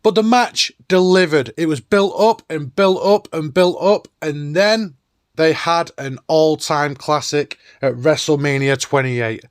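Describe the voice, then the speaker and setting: A man's voice: a little high, measured pace, clear, resonant tone, dry recording, clean studio sound. A man hosting a nostalgic countdown video in an enthusiastic, chatty way. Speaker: host.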